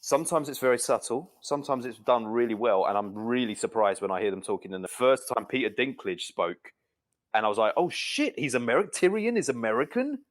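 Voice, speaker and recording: A man's voice: fairly low pitch, a little fast. A British man, a guest on a podcast, chatting casually and joking. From Britain. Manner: animated, joking, does mock accents.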